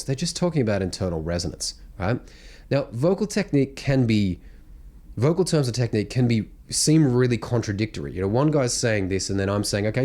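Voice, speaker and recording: A man's voice: mid-range voice, a little mellow. A man teaching vocal technique in a blunt, casual way, breaking into hums and sung demonstrations. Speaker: singing coach. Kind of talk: vocal technique lesson to camera.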